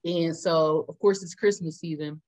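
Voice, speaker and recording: A woman's voice: low-pitched, normal speed. A woman co-hosting a casual chat, telling a story with lots of laughter and acted-out quotes. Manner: animated, laughs often, acts out quotes. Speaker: co-host.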